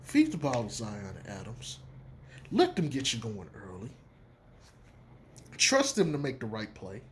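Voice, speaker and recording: A man giving casual basketball opinions in an emphatic, profane, animated way. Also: mid-range voice, unhurried, a little hiss or hum. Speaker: sports commentator. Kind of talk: casual sports opinion talk.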